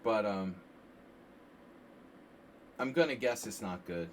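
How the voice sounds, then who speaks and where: A man casually commenting on chess games during a live stream, rambling and animated with lots of filler words. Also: lowish voice, slow. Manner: rambling and animated, frequent "like" and "you know". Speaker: chess coach streaming a lesson. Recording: distant mic with faint background hiss.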